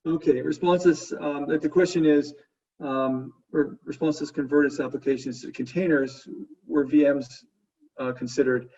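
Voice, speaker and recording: A man answering webinar questions as a panelist, halting, with frequent fillers and restarts. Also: on the high side, steady tone, a little mellow, slightly rough. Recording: distant, muffled remote audio.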